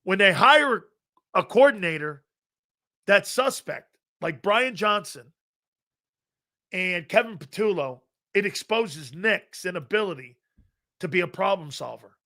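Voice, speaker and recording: A man's voice: sits high, expressive, measured pace, long pauses, bright, forceful tone. A middle-aged man hosting a live sports talk show, brash and profane, rambling through chat comments and laughing often.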